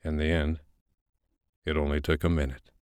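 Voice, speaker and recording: A man hosting and narrating, reading a fiction excerpt aloud in a slow, measured first-person delivery. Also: a bass voice, little pitch movement, darkish tone, smooth, no echo, clean studio sound. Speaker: narrator and host.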